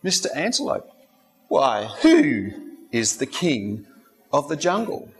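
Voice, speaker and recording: A man's voice: on the high side, wildly swooping pitch, takes it slowly, pitched below the performer's own voice, full character voice, poor audio. A preacher doing a boastful lion king. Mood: demanding. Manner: boastful, strutting. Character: proud boastful male lion, king of the jungle.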